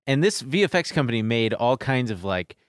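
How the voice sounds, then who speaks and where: A man co-hosting a chatty podcast, telling stories with animated energy and slipping into other people's voices. His voice sits at a medium pitch and sounds dry and close to the mic, with no room around it. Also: fairly quick, clean tone, no room sound. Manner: animated storyteller who mimics voices. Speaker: podcast co-host. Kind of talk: casual chat.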